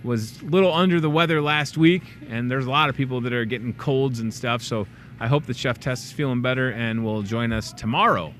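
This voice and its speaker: Male host, easygoing and jokey, mid-pitched, faint store hum behind. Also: a little fast. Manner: jokey, rambling, plugs and shout-outs. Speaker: host of a local in-store show. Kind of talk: casual chatty show wrap-up. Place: grocery store.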